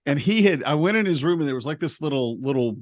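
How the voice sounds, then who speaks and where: A man in his forties, an American podcast host and father, telling a lively family story and acting out his son's lines, with frequent laughs. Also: fairly high pitch, fast, dry recording, studio quality. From United States. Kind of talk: casual chat.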